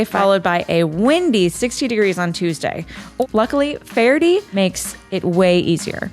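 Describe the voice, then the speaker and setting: A young woman co-hosting a casual podcast, chatty and quick to laugh. She also reads sponsor spots in the same easy, conversational tone. Faint music sits under her voice. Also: medium pitch. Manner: chatty, laughs easily, says "like" often. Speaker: podcast co-host.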